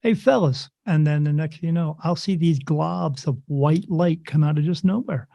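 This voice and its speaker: A man's voice: a little high, normal speed, creaky, dry recording. A man who is a guest on a podcast, chatting casually and telling stories in a rambling way, often restarting his sentences and acting out what others say. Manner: animated storyteller who acts out the voices of others in his stories. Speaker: podcast guest, spirit medium. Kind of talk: casual interview chat.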